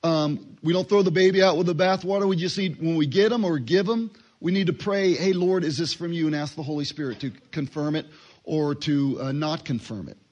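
A man giving a relaxed Bible teaching, talking conversationally and acting out short dialogues. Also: a little high, brisk, dull audio. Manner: conversational, acts out little dialogues, fillers.

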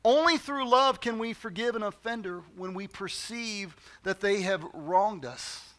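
A man's voice: sits high, unhurried, fairly bright tone. A man preaching a sermon as pastor in a church, talking conversationally to the congregation and repeating phrases for emphasis.

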